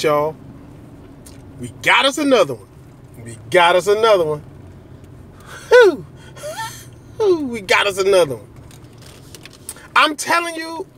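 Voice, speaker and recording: A man's voice: sits high, a bit bright, slight background noise. A man, talking casually to his viewers in a loose, joking way, repeating himself and laughing often. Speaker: vlogger. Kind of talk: casual direct-to-camera monologue.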